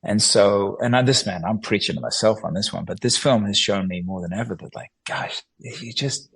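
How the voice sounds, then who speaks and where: Earnest man with a low gravelly voice. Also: a little fast, poor audio. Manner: earnest, animated, with many restarts and acted-out quotes. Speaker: guest, musician and filmmaker. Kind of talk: reflective conversational interview.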